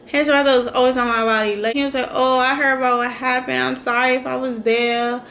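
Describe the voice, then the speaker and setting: Young woman vlogger, high bright voice, animated storyteller, roomy echo with faint hum. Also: brisk. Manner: animated, slangy retelling with acted quotes. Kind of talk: storytime vlog.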